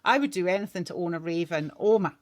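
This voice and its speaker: A woman's voice: lowish voice, expressive, fast talker. A woman co-hosting a casual podcast chat, talkative and prone to tangents, laughing often. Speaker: podcast co-host, nail tech.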